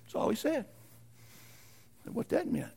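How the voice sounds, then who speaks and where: A pastor man delivers a sermon in plain folksy talk. His voice sits high and is very gravelly with a husky edge. He swings between shouted peaks and hushed drops. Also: wildly swooping pitch, a little slow. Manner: folksy, uses ain't and y'all.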